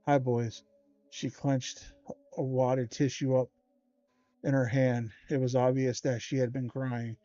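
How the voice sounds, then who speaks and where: Flat-voiced man reading a spooky kids' book. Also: medium pitch, unhurried, dry recording. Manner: steady read-aloud with small stumbles and slangy asides. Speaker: livestream host. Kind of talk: reading a children's horror book aloud. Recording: dull lo-fi stream audio.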